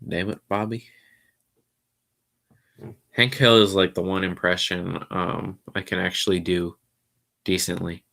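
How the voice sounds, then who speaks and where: A man hosting his own podcast stream, rambling along casually in a low-key, somewhat mumbly way. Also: steady tone, normal speed, vocal fry, bright, forceful tone. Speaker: podcast host. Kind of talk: casual solo livestream chat.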